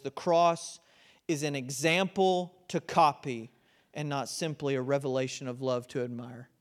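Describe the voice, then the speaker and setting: A middle-aged man preaching a sermon as pastor, swinging between loud, emphatic lines and quiet, intense stretches. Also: on the high side.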